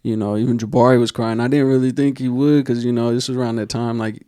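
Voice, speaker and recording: A man's voice: medium pitch, steady tone, quick pace, dark tone, smooth, no echo, studio quality. A young man, co-hosting a casual podcast and telling a heartfelt personal story full of slang and fillers. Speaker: podcast co-host.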